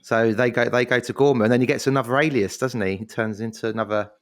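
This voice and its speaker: A man's voice: medium pitch, steady tone, fast. A man, co-hosting a podcast in a jokey, casual chat and acting out scenes in silly voices. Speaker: podcast co-host.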